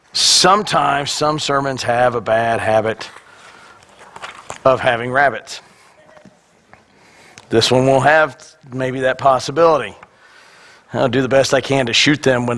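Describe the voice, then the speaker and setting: A male pastor with a raspy, hoarse voice, mixing wry self-deprecating jokes with a scripture reading. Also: mid-range voice, unhurried, long pauses, a bit bright. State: hoarse, coughing. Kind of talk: sermon.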